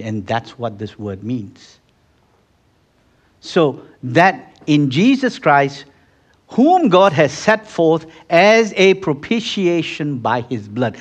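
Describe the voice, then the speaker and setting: A man preaching a sermon, telling everyday stories with acted-out quotes and building to loud, fervent exhortation. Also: fairly high pitch, animated, measured pace. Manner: acts out little scenes with quoted voices. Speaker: pastor.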